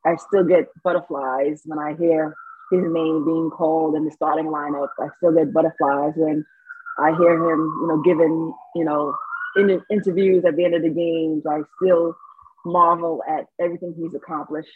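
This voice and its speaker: A woman guest answering interview questions, halting and searching for words, heard over a phone line. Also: low voice. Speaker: interview guest, basketball coach. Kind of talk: casual interview talk. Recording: tinny phone line with faint noise.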